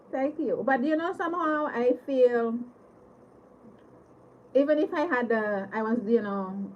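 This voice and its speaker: A woman's voice: a little high, measured pace, long pauses, muffled recording. A woman hosting a casual livestream from her home, giggly and apologetic, thanking her viewers again and again. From Caribbean. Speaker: livestream host. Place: home living room.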